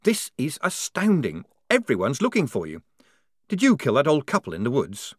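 A man's voice: mid-range voice, wildly swooping pitch, moderate pace, dry recording, clean studio sound, voice pushed up. A man voicing an eager, flustered young male writer who talks in a pleading rush. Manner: breathless, pleading, fussy.

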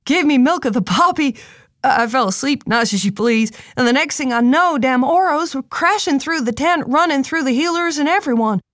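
Woman voicing a young fisher lad, high boyish voice, chatty, cheeky, audiobook character. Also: expressive, normal speed, fairly bright tone, no room sound, clean studio sound. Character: boy Tristo, scrappy young fisher lad.

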